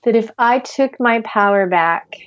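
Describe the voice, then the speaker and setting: A woman guiding a tapping session with calm step-by-step instructions, sighing deeply between phrases. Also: unhurried, dull audio, crowd noise. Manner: calm step-by-step instructions, leading group repetition. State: deep audible sighs and yawns between phrases. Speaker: tapping practitioner. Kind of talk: guided tapping session with breathing.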